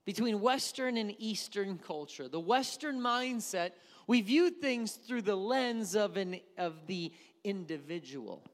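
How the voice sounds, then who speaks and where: A man's voice: sits high, animated, a little slow. A man from Wisconsin preaching a sermon as a pastor, emphatic and repeating key words for effect. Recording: long hall reverb.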